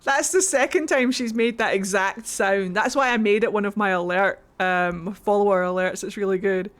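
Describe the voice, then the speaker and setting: A woman's voice: mid-range voice, normal speed. A woman streaming a video game, chatting casually and getting easily distracted. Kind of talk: casual chat while gaming.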